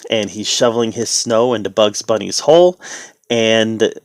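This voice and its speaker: A man with a low, gravelly voice talks through a review in an easy, conversational way, slipping in the occasional sarcastic aside. The sound is dry and close, with little room around it. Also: steady tone, normal speed, no room sound. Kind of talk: casual spoken review.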